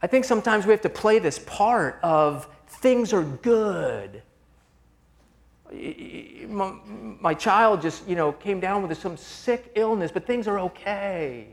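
A male preacher with a notably high-pitched voice delivers a sermon. He speaks in an earnest, confessional way and keeps it conversational, calling his listeners "gang" as he weaves personal stories into scripture. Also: animated, takes it slowly.

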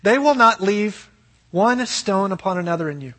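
A man's voice: high voice, expressive, moderate pace, sharp tone, long reverb tail. A man preaching a sermon as pastor, earnest and emphatic, asking rhetorical questions.

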